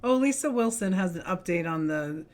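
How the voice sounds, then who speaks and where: Woman, livestream co-host, teasing, short quick replies. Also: on the low side, animated, a little mellow. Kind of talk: casual live-stream chat.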